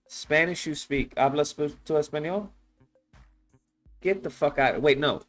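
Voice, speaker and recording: A man hosting a call-in show, reacting in an excitable, incredulous way and swearing freely. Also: medium pitch, normal speed, soft background music. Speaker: host.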